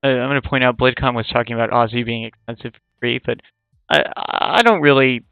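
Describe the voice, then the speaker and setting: A man chatting as co-commentator on a card game tournament, talking in a halting, hesitant way. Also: mid-range voice, fairly even intonation, creaky, smooth, no room sound, narrow, tinny audio.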